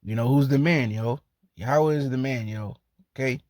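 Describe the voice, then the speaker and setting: A man with a mid-range, darkish voice speaks at a moderate pace in a dry recording. He teaches from the Bible in a loose, slangy street-talk manner, chuckling often and tacking "man" onto his sentences.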